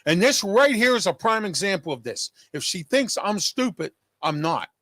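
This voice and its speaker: A man hosting his own show delivers a personal monologue directly to viewers, agitated and emphatic, repeating his points. His high, fairly bright voice swings widely in pitch at normal speed, in studio-quality audio with no room sound.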